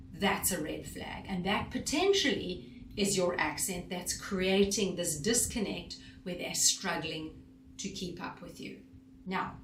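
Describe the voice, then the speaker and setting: Woman voice coach teaching to camera, mid-pitched, emphatic with rhetorical questions, echoey room. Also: a little hiss or hum. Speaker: speech and communication coach. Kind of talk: instructional talk to camera. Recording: roomy echo.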